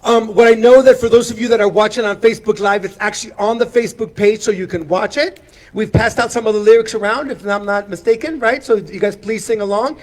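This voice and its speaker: A man's voice: high voice, fairly even intonation, fast. A man speaking with heartfelt earnestness as he shares an inspirational talk at a spiritual center service. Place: outdoors.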